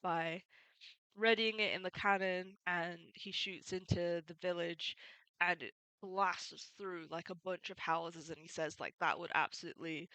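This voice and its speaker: A woman's voice: lowish voice, steady tone, unhurried, bright, forceful tone, clear, resonant tone, no echo, low-quality recording. A woman chatting casually as she recaps a comic, laughing often and using many fillers. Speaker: video creator summarizing a manga. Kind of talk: casual spoken summary.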